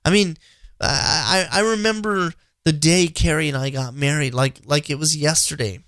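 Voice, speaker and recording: A man's voice: a little high, moderate pace, fairly bright tone, no room sound, clean studio sound. A man in his thirties hosting a faith podcast, talking earnestly and repeating himself with many restarts. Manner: earnest, repetitive, frequent restarts. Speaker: podcast host. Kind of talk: inspirational faith talk.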